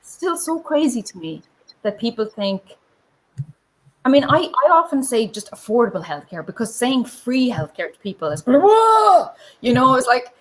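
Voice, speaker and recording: A woman's voice: on the high side, expressive, normal speed, a bit bright, low-quality recording. A woman from Ireland with an Irish accent, chatting casually as an interview guest, laughing and acting out quotes as she goes. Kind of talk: casual conversation.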